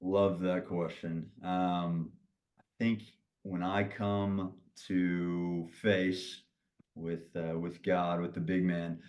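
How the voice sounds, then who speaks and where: A man speaking as a guest on a podcast in casual chat, earnest and quick to laugh. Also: sits low, a little mellow. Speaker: podcast guest, league founder.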